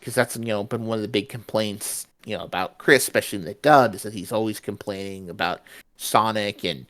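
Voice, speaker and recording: A man's voice: on the low side, a bit bright. A man co-hosting a podcast in casual chat, rambling with plenty of fillers and restarts. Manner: rambling, many fillers, does quick mock voices. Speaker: podcast co-host.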